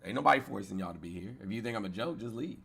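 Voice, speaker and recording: A middle-aged man hosts a livestream, talking straight to his viewers in loose, slangy, blunt speech. His low voice has a gravelly edge. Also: animated, very fast, a bit bright. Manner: blunt, slangy, addresses chat directly. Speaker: livestream host. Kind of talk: casual livestream talk.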